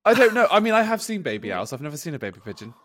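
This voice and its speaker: A man's voice: a little high, sing-song, very fast, fairly bright tone, no room sound. A man co-hosting a podcast, chatting casually and laughing often. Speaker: podcast co-host. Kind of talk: casual chat.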